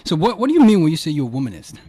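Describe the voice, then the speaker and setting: A man hosting a podcast, asking quick informal questions and backing his guest with "mm-hmm.". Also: a little high, very animated, mellow, slightly rough. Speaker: podcast host. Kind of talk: casual interview.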